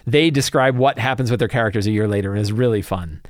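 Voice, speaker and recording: A man's voice: on the low side, fast talker, no room sound, studio quality. A man hosting a show, casually recapping a tabletop campaign as game master, rambling with many fillers and restarts.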